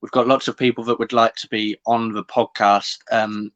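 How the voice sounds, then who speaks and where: A man's voice: on the low side, level tone, moderate pace, a bit bright. Man, podcast host, upbeat, filler-heavy, muffled video-call sound. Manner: upbeat, thanks guests, lots of ums. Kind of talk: casual live-stream chat.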